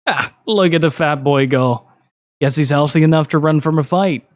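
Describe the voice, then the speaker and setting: A man voicing a tiny, fierce old grandmother who speaks gruffly and protectively. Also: a little high, normal speed, no echo, studio quality, close to an everyday voice. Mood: mocking. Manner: gruff, rough-spoken.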